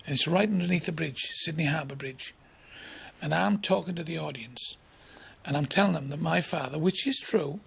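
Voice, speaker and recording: Bawdy comedian in his sixties, husky and fairly high-voiced, spins blunt anecdotes. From England. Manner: blunt, bawdy, chuckling raconteur. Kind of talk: anecdotal storytelling in an interview.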